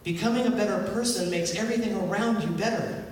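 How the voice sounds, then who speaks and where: A man's voice: high-pitched, fast, darkish tone, a little hiss or hum. A male minister giving a conversational sermon, often asking the congregation questions. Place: church hall. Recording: echoey hall from far off.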